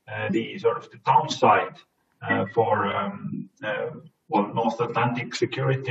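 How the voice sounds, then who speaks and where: A man from Estonia, a defense ministry official answering interview questions from his office, measured and hesitant with many fillers. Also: mid-range voice, vocal fry, distant mic, highs cut off. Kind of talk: remote conference interview.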